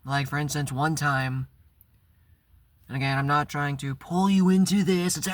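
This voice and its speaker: A man's voice: on the high side, fairly even intonation, normal speed, dry recording. A man hosting his own channel, telling a personal story in a candid, blunt way and swearing freely. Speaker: channel host. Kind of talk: casual vlog storytelling.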